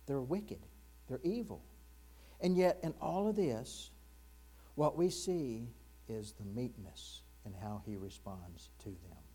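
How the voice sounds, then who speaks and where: A man preaching a sermon as pastor, earnest and direct with his congregation, dropping to a hushed, slow near-whisper when he quotes scripture. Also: medium pitch, slightly rough. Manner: addresses congregation directly with questions. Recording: mains hum in the background.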